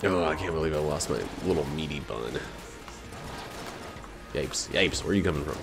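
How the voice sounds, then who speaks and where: A man casually commenting while he streams a video game, rambling, joking and breaking into excited outbursts. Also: a bass voice, moderate pace, over music. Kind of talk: casual let's-play commentary.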